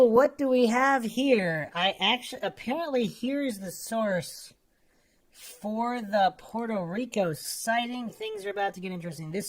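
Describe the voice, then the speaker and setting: A woman hosts a true crime podcast in a mid-pitched voice. She talks casually through the case, then reads a magazine article aloud and breaks in with short asides of her own. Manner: casual, with asides between read passages. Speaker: podcast host.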